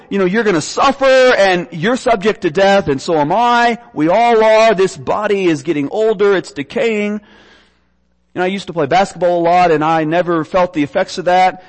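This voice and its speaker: A man's voice: high-pitched, moderate pace, long reverb tail, low-quality recording. A young man preaching a sermon, earnestly reading scripture aloud and often repeating his words. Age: young adult.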